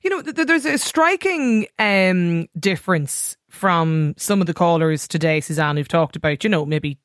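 A woman's voice: on the low side, animated, moderate pace, no room sound, studio quality. Woman hosting a radio phone-in. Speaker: radio host.

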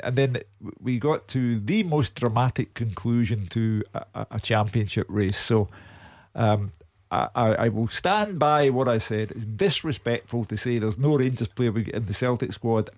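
A man's voice: mid-range voice, normal speed, darkish tone, no room sound. Older Scottish male pundit, grumpy, emphatic, dry studio. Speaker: football pundit. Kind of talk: radio punditry.

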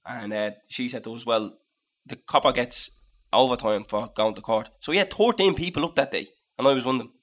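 A man in his late twenties with a Dublin accent tells a story on a podcast. He talks casually and with energy, swears freely, and acts out the people in it. His voice has a bright, forward edge and sits at an ordinary pitch for a man. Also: a little fast. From Dublin, Ireland. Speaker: podcast co-host telling a story.

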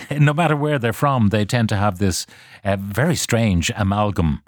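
Older male radio host, lowish voice, slow and thoughtful, dry studio sound. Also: no room sound. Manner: measured, hesitant, thoughtful. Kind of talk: radio interview.

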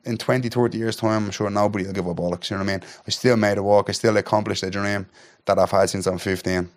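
Fast-talking Dublin man. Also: on the low side, steady tone. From Ireland. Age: 30s. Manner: blunt, swearing, keeps saying "do you know what I mean". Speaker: guest, professional fighter. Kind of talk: casual podcast chat.

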